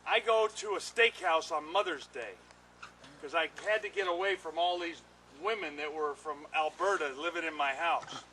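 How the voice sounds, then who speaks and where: An older man and retired pitcher, an interviewee who tells casual stories in an animated way and acts out what other people said. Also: normal speed, slight background noise, low-quality recording. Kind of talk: casual anecdotal storytelling. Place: home bat workshop.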